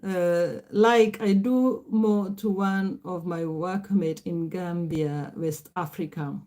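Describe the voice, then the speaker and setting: Kenyan woman chatting on a livestream, mellow. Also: on the low side, fairly even intonation, slow. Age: middle-aged. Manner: reads viewer comments aloud and greets viewers warmly by name. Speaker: livestream host. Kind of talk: casual livestream chat reading comments.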